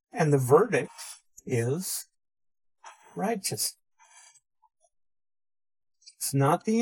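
A Bible teacher lectures on theology, carefully defining each term and repeating the key phrases. His husky, slightly breathy voice is a little high and a little mellow, and he speaks slowly and deliberately on a rough recording.

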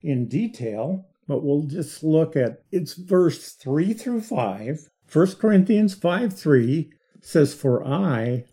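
A man leading a Bible study lesson, explaining verses in a deliberate way and stressing key words. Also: on the high side, big pitch swings, warm tone.

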